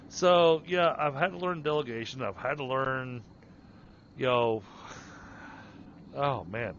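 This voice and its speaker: A man chats casually while he plays, rambling, restarting sentences and poking fun at himself. His voice comes through a dull, lo-fi mic with steady noise behind it. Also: mid-range voice, slow pace. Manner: self-deprecating, rambling with restarts. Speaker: streamer and project manager. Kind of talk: casual chat while gaming.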